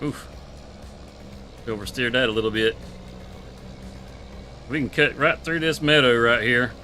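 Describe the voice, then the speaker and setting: A man's voice: medium pitch, unhurried, pushed and bright, a little hiss or hum. A man, streaming a farming game and chatting casually with laughs and country phrasing. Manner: laid-back, laughing, drawling country talk. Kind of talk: casual live gameplay chat.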